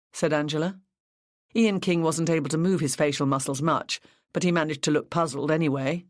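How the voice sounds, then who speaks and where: An audiobook narrator reading a mystery novel in an even, measured way. The voice sits at a middle pitch and the recording is dry and close, with no room around it. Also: no room sound. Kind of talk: scripted narration.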